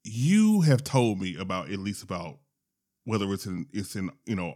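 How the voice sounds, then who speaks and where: A man's voice: sits low, very animated, normal speed, darkish tone. Easygoing male host; loose, conversational, asks questions and laughs along. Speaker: podcast host. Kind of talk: casual chat.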